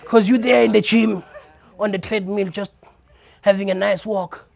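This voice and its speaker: A man's voice: sits high, normal speed, gravelly, highs cut off, a faint crowd. A young man with a South African accent performing a stand-up comedy set, acting out scenes as he tells stories. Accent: South African English. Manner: animated storytelling, acts out scenes. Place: comedy theater stage.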